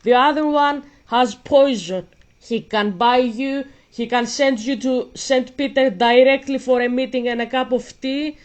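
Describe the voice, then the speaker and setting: A woman's voice: sits high, a little slow. A woman vlogger ranting in casual commentary while gaming, blunt and profane, a bit out of breath.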